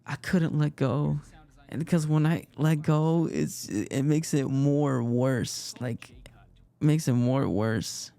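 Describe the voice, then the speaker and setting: A young man retelling a personal story in an emotional, halting way, repeating himself often. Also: on the high side, gravelly, mellow. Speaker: casting participant.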